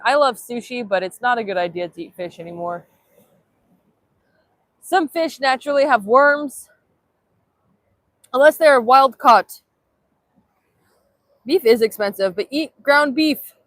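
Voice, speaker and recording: A woman's voice: a little high, no echo. Chatty young woman livestreaming outdoors. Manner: chatty, reads chat aloud, playful. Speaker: livestream vlogger. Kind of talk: casual livestream chat. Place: outdoors at sunrise. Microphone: handheld phone.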